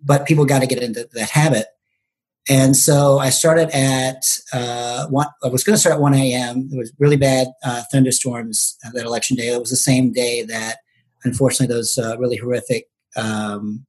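Husky-voiced male guest, casual storyteller who stumbles through ums and restarts. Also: mid-range voice, steady tone, moderate pace, a little mellow. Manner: hesitant, many ums and restarts. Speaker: podcast guest, bartender and local political candidate.

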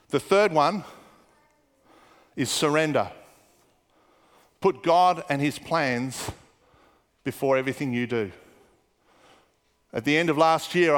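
A man preaching a sermon as a pastor, telling stories and dropping into hushed, muttered asides when he quotes people. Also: fairly high pitch, in a large hall.

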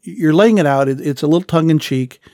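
A man hosting a podcast, interviewing his guest in a casual, halting, amused way. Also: fairly high pitch, warm tone, no room sound, clean studio sound. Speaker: podcast host.

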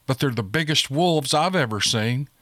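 A man's voice: mid-range voice, lively intonation, normal speed, a bit bright, dry recording, studio quality. A man voicing an urgent young woman soldier calling out warnings in an audiobook.

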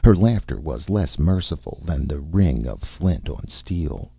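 Man narrator, very low husky voice, expressive pulp-adventure reading. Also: unhurried, no echo. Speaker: audiobook narrator. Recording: dull, dry audiobook recording.

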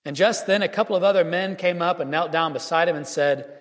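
A man giving a Christmas homily as a priest, telling a story earnestly with measured pauses in a church. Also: on the high side. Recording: reverberant church hall.

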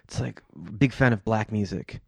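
A man's voice: lowish voice, moderate pace, creaky, a little mellow, no echo. An American man hosting a podcast, joking and giving opinions in casual interview chat. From United States. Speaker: podcast host.

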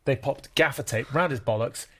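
A man's voice: mid-range voice, crowd noise. A man hosting a casual chat, cutting in with dry quips and keeping things moving. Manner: dry quips, brisk interjections. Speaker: podcast host. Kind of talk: casual banter, moving the show along.

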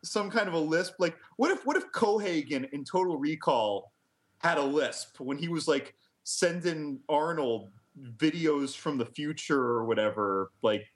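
Male podcast co-host, slightly high voice, meandering casual riffing. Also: lively intonation, measured pace. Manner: rambling, hesitant, laughs at own riffs. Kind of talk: casual chat.

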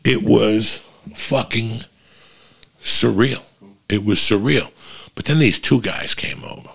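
A man's voice: on the low side, slow, vocal fry, slightly rough. A middle-aged man hosting a podcast, telling a long, profane, rambling story in casual chat.

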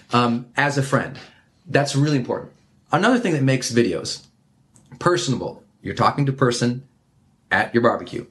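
A man speaking as an interview guest, his voice sitting at an ordinary middle pitch. He talks emphatically and with animation, laying out advice and counting off his points one by one. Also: fairly bright tone. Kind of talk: energetic conversational advice.

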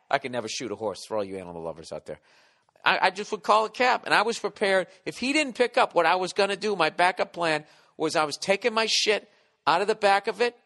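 Male podcast host, profane and animated, a bit high-pitched, recorded with a lingering reverb tail. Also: fast talker, vocal fry. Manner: animated, swearing, mock-ranting. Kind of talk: profane comic storytelling.

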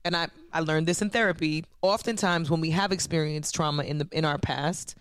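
A woman's voice: low-pitched, brisk, clear, resonant tone, dry recording, clean studio sound. A woman guest in casual podcast chat, speaking frankly and reflectively with a powerful, soothing voice.

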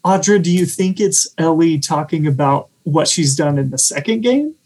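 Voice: medium pitch, lively intonation, normal speed, darkish tone. A quiz player in casual chat who hesitates and thinks aloud. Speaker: quiz player and game master.

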